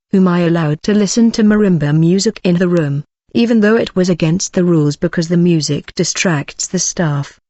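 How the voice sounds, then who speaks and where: A woman narrating a first-person story in a slow, solemn, scripted way. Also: on the low side, darkish tone, no room sound.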